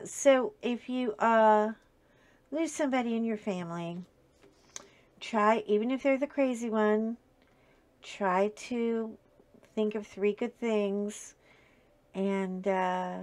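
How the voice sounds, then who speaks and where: A woman's voice: medium pitch, dry recording. A middle-aged woman chatting casually to her webcam at home, rambling with lots of fillers and restarts. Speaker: vlogger coloring and chatting. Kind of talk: casual chat to camera. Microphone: webcam at desk with ring light.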